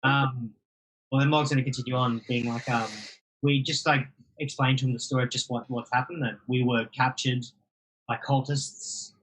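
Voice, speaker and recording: A man's voice: medium pitch, flat delivery, moderate pace, fairly bright tone, low-quality recording. A man speaking as a player in a tabletop game, hesitant with many fillers. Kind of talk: casual tabletop play.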